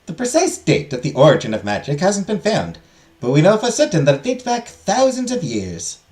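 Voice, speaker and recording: Reading visual novel lines aloud, a man performs a theatrical woman who teaches magical history, telling a legend in storytelling mode with a dramatic, swooping lilt. His voice is a little high and slightly mellow, with huge pitch swings at a moderate pace.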